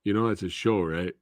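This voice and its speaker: Man, live stream host, low voice, animated delivery, dry close sound, laid-back chat. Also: no echo. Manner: laid-back, answering viewers by name.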